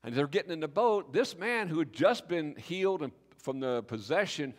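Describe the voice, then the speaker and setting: A man preaching a sermon as pastor, telling the story with lively acted-out dialogue. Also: on the high side, normal speed, hardly any pauses. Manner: animated storytelling, acting out biblical speakers in voice. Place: church sanctuary. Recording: reverberant church hall.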